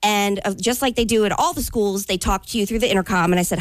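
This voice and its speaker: A woman's voice: mid-range voice, fairly quick, no echo. A middle-aged woman telling a story in casual chat, acting out quotes and sound effects and laughing at herself. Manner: animated storyteller, acts out quotes and door sounds; self-mocking, laughs through her story. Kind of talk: casual chat among friends.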